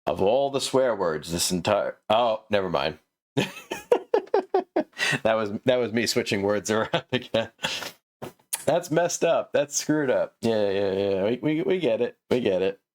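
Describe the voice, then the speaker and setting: Low-voiced man, snarky manuscript critic, chuckles and restarts constantly. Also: lively intonation, a little slow, slight background noise. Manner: sarcastic, laughs often, stammers and restarts. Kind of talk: comedic writing critique.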